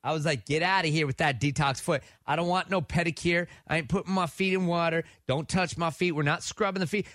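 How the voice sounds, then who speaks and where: A man's voice: a little high, fairly quick, few pauses, dry recording, clean studio sound. A man, co-hosting a morning radio show and telling a story, acting out the quotes as he goes. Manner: animated storyteller who acts out quotes. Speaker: radio co-host.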